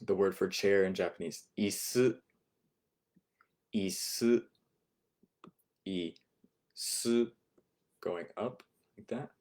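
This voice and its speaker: A man's voice: deep voice, slow, pauses often, darkish tone. A man teaching an online Japanese vocabulary lesson from home, patiently repeating each word for his students. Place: home, not a classroom.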